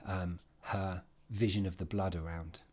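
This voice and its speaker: A man giving an informal, emphatic revision lesson on a play, with quick asides and restarts. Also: low-pitched, little pitch movement, darkish tone. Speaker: English literature teacher.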